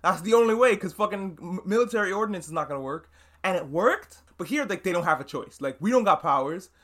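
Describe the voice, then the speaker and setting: A man hosting a podcast, recapping a TV episode in casual, animated chat and swearing freely. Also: high-pitched, fast talker. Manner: animated, swearing, acts out characters' lines. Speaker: podcast host.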